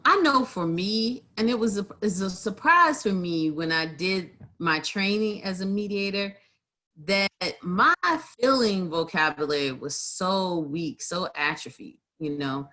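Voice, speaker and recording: A woman co-hosting a livestream as a community mediator, chatting casually and telling stories with animated acted-out quotes over a video call. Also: mid-range voice. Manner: animated storyteller, acts out quotes, many fillers. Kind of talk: casual conversational chat.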